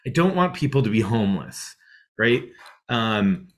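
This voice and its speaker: Male mindfulness teacher, lowish voice, loose and rambling, keeps asking "right?", goes soft and hushed on the breathing cues. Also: very animated, measured pace. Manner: rambling, many restarts and "right?" checks; drops to a soft hush when guiding breath. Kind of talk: casual mindfulness talk to a class.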